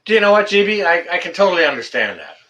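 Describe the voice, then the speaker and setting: A man's voice: high voice, very animated, rapid-fire, pushed and bright. A man hosting a casual live stream, answering chat in a blunt, joking way and swearing freely.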